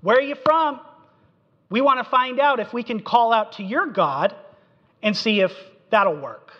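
Man playing a scared sailor, high anxious questions, echoing hall, dull sound. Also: a little slow. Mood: anxious pleading. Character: frightened pagan sailors, grown men. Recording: dull recording in a reverberant hall.

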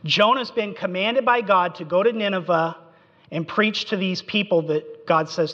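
A man's voice: sits high, normal speed, pushed and bright. A man preaching a sermon, telling the story with animation and acting out the quotes, in a dull recording in a reverberant hall. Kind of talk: expository sermon.

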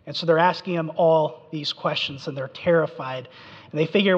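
Here a man with a fairly high voice delivers an expository sermon a little quickly, narrating with energy and acting out quotations. The audio is dull, captured in a hall with plenty of reverb.

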